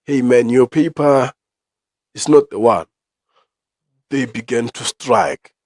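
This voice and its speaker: A man's voice: medium pitch, takes it slowly, no room sound. Ranting South African man, dry sound. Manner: ranting, profane, with sudden loud outbursts. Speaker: podcast host. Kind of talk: opinion commentary podcast.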